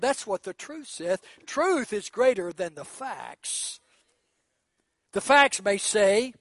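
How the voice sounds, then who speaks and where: A male pastor preaches a sermon in a high, sing-song voice, speaking slowly with no echo. He acts out quoted voices and swings between hushed, quiet lines and shouted ones.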